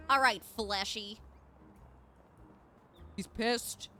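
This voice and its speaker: Young woman, gaming commentary, high voice, shrieking, cursing. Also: drawn-out words. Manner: excitable, swearing, shrieks in panic. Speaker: streamer. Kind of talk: live game stream commentary.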